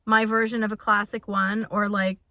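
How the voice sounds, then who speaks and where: A woman's voice: medium pitch, level tone, moderate pace, sharp tone. A woman in her fifties talking through an unscripted personal vlog, rambling and heartfelt with many restarts, close to tears. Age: 50s. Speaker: vlogger. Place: in her truck on a rainy day.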